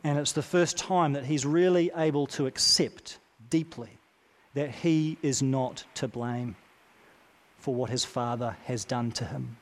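A man preaching a sermon, earnest and deliberate, repeating key phrases with slow pauses. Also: medium pitch, steady tone. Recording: long reverb of a large hall.

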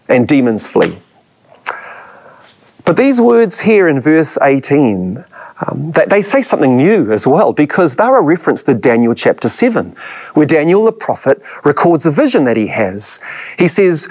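A man's voice: on the high side, sing-song, normal speed, darkish tone. A man, a church history lecturer, preaching a sermon with dramatic emphasis and rhetorical questions put to his listeners.

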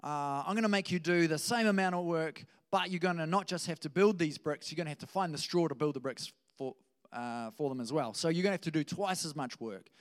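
A man's voice: fairly high pitch, brisk, natural voice. A man putting on the voice of a stubborn ancient king brushing off a request. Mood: dismissive.

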